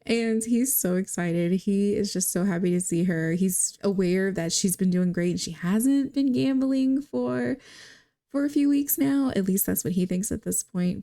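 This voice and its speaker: A woman's voice: fairly low pitch, vocal fry, dark tone. A young woman giving chatty, giggly gameplay commentary, talking straight to her viewers. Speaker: gaming video creator.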